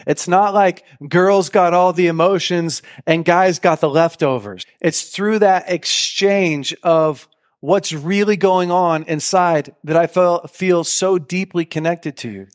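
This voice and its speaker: A man preaching to a live crowd in a fairly high voice. He tells stories with lots of expression, slips into the voices of the people he quotes, and keeps pulling his listeners in with direct questions. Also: unhurried. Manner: animated storyteller who acts out quoted lines. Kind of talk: sermon to a live audience.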